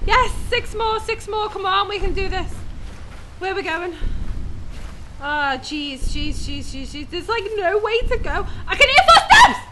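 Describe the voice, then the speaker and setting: A woman's voice: very high voice, measured pace, very noisy. A young woman with a gaming headset, giving horror game let's play commentary; jumpy, she shrieks and swears when startled. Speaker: gaming channel host.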